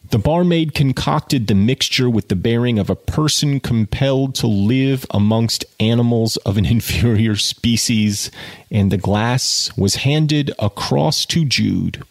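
A man's voice: mid-range voice, expressive, measured pace. A man reading a novel aloud and breaking off into passionate, profane commentary to his listener. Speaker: reader and commentator. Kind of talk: audiobook reading mixed with casual commentary.

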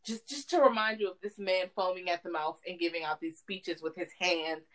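Animated profane woman podcaster, lower voice. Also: fairly quick, poor audio. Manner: animated, profane, emphatic storytelling. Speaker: podcast co-host. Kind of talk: casual chat.

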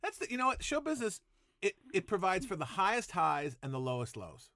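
A man's voice: high voice, very animated, brisk, bright, forceful tone, no echo, studio quality. A man hosting a podcast, chatting casually and tossing in playful questions. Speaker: podcast host. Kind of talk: casual interview chat.

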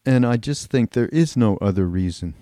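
A man's voice: mid-range voice, animated, normal speed, dark tone, no echo, studio quality. A man co-hosting a podcast, telling loose, rambling anecdotes in casual chat, laughing and swearing as he goes. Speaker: podcast co-host.

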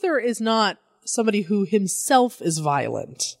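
A woman's voice: medium pitch, sing-song, moderate pace, no room sound, studio quality. A woman co-hosting a comic book podcast, chatting casually with sarcasm and plenty of swearing. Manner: sarcastic, profane, laughs often. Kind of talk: casual chat.

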